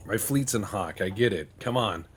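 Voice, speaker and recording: A man's voice: fairly low pitch, breathy edge. A man casually commentating his gameplay, joking, swearing and mocking himself as he goes. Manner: slips into quick silly voices for other countries. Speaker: gaming channel host. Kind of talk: casual let's-play commentary.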